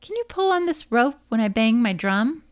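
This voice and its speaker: A woman's voice: on the high side, very animated, normal speed, muffled recording, pitched above the performer's own voice. A woman voicing a clever, sly little male rabbit trickster with a wheedling manner in a storybook reading. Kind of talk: storybook read-aloud.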